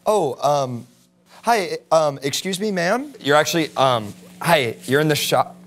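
A woman's voice: low voice, sing-song, a little slow, soft background music. A woman co-hosting a comedy sketch, exasperated and scolding the host.

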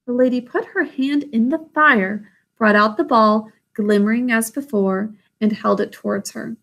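Lady reading a kids book, somewhat high voice, stops to explain stuff. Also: creaky, fairly bright tone. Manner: pauses to explain the story plainly. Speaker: story reader. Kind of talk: reading a children's book aloud.

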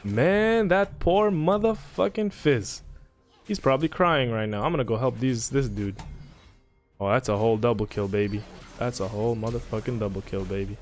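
A man giving loud, profane, trash-talking commentary while playing a video game, his voice swinging between mutters and shouts. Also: on the low side, brisk, soft background music. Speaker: gaming streamer.

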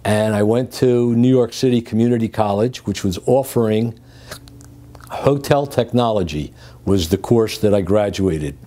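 An older man from Greece, recounting his working life as an interview guest, with lively chuckling storytelling. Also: lowish voice, a little slow.

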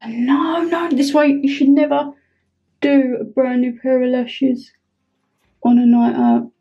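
A woman's voice: sits high, fairly even intonation, takes it slowly, lo-fi sound, soft background music. A young woman chatting through a getting-ready vlog at home, flustered and self-mocking. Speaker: vlogger.

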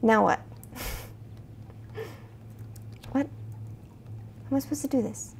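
A woman playing a spooky video game, chatting to her viewers in a jumpy, excitable way. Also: sits high, very slow, vocal fry, a little hiss or hum. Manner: jumpy, chatty, talks to viewers, frequent gasps and exclamations. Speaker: gaming video host. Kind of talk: let's play commentary.

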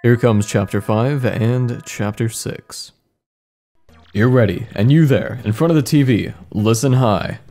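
A man's voice: mid-range voice, measured pace. A man doing comedic let's play commentary, reading mistranslated game text aloud and joking about it in a wry, amused way. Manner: wry, amused, reads mistranslated lines with deadpan jokes. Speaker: gaming commentator. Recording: faint game music behind voice.

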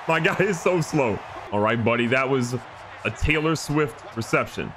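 A man giving excited, joking gameplay commentary as a gaming YouTuber. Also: medium pitch, normal speed, noisy background. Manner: animated, joking, trash-talking.

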